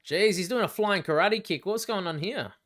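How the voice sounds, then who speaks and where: A young Australian man hosting a live fight watch-along, chatty and excitable, swearing freely as he reacts. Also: high voice, normal speed. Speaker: livestream fight companion host.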